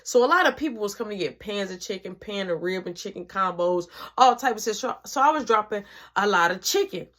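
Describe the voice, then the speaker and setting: A woman's voice: medium pitch, expressive, fairly quick, fairly bright tone. A woman telling a personal story in casual, slangy, profane narration.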